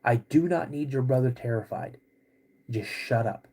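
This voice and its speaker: A man's voice: medium pitch, moderate pace, darkish tone, breathy edge. A man voicing his stern father, who scolds and gives him short commands.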